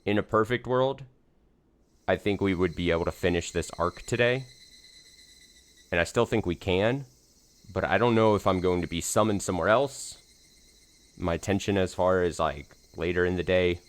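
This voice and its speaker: A man with a very low voice opens his let's play stream in a slightly hoarse, casual ramble. He talks in a loose, self-deprecating way and fills gaps with ums and likes. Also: normal speed, pauses often. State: slightly hoarse from screaming the night before. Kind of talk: casual stream chat before reading a visual novel.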